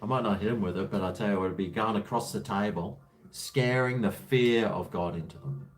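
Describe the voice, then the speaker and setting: A man hosts a casual live stream. He talks in a lowish voice and keeps it light, jokey and chatty, calling viewers mate. Faint music plays behind him. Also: fairly quick.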